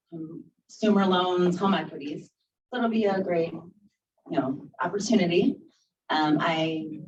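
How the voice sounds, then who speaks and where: Hesitant woman introducing herself. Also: lowish voice. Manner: hesitant, many ums, warm laughs. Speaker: new club member introducing herself. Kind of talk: casual self-introduction. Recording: distant muffled room recording, faint noise.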